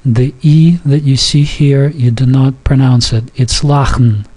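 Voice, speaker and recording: A man teaching a language class on a recording, reading from the course book and explaining the sounds. He speaks very slowly and haltingly, with frequent ums and restarts, at a medium pitch. He stretches out example words so each sound can be heard. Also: fairly even intonation, warm tone, breathy edge. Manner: halting, many fillers and restarts, slow and careful. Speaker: Yiddish teacher. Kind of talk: informal recorded lesson, reading from a textbook.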